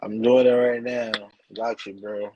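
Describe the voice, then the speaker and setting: A man's voice: medium pitch, little pitch movement, a little slow, highs cut off, a little hiss or hum. A man hosting a podcast, chatting casually with loose slang and lots of "bro". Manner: loose slang-heavy talk, calls listener bro. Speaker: podcast host. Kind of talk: casual chat.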